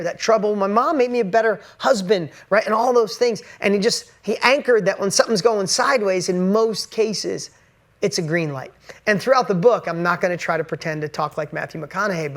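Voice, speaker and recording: A man giving an earnest, conversational motivational talk straight to camera, pressing his points with emphasis. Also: high-pitched. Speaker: motivational speaker.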